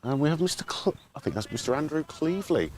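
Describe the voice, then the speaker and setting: A man's voice: on the high side, big pitch swings, fast, darkish tone, slight background noise. A man giving chatty, jokey live commentary on a club cricket match. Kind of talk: casual live stream commentary.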